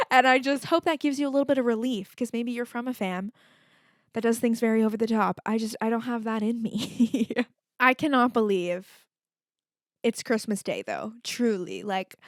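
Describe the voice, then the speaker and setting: A woman's voice: a little high, moderate pace, no room sound, studio quality. Chatty young woman, candid podcast talk. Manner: chatty and candid, lots of "like" and swearing. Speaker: podcast host. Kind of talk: casual solo podcast chat.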